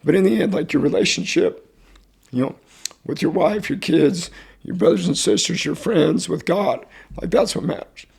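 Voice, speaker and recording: A man's voice: on the high side, normal speed, vocal fry, darkish tone, breathy edge. A middle-aged man speaking candidly as a podcast guest, earnest and heartfelt, reflecting on what matters in life. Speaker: podcast guest, football coach. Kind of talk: candid emotional interview talk.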